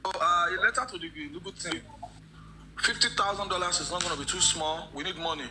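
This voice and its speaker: A man's voice: sits high, quick pace, noisy background. A man hosting a live stream, repeating himself as he addresses viewers. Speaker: host.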